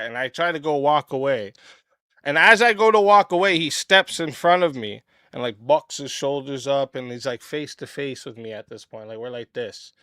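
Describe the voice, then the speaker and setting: A man hosting his channel, telling a story in a blunt, profane, casual way and clearing his throat often. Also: medium pitch, moderate pace, sharp tone, dry recording, clean studio sound. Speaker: channel host.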